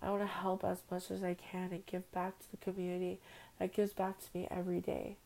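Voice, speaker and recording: A woman's voice: fairly low pitch, completely flat delivery, fairly quick, vocal fry, warm tone, rough recording. A young woman hosting her own podcast, recording at home on her phone and talking in a heartfelt, rambling, emotional personal monologue. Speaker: podcast host. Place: at home on a bed.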